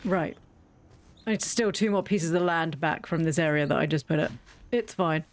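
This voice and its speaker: A woman's voice: low voice, normal speed. A woman chatting through a game, wry and self-mocking, talking fondly to her in-game animals. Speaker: gaming video creator. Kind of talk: casual let's-play commentary.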